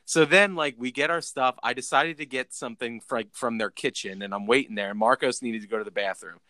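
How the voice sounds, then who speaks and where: Young man, podcast host, bright, dry, rambling, casual. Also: mid-range voice, fairly quick, dry recording. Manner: rambling, lots of "like" and restarts. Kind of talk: casual storytelling.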